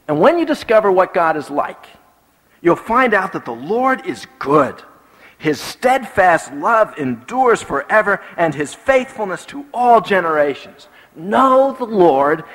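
A pastor giving a sermon, telling personal stories and repeating key lines for emphasis. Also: male voice, medium pitch, a bit bright. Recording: long reverb from a large hall.

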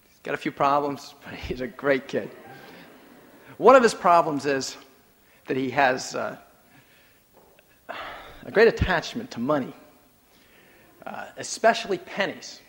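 A man preaching a sermon, telling stories with humor and swinging between soft, low remarks and emphatic, rising lines. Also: lively intonation, unhurried, pauses often, in a large hall. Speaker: pastor.

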